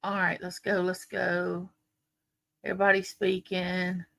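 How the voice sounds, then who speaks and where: A woman's voice: lowish voice, monotone, unhurried, gravelly. A woman, chatting and telling stories to viewers on a live stream from home. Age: late 50s. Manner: chatty, warm, rambling storytelling with viewers. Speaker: livestream host. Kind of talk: casual live-stream chat.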